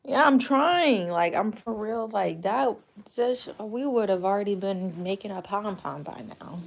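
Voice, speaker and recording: A woman's voice: mid-range voice, measured pace, gravelly, darkish tone, slight background noise. A woman hosting a casual livestream chat from a dim room at home, talking frankly in a rambling way and swearing casually. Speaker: livestream host.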